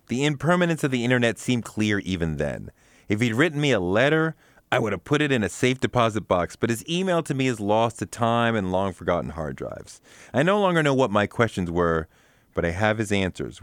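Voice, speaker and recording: A man's voice: on the low side, no echo, studio quality. A man narrating his own memoir as an audiobook in a wry, conversational storytelling manner.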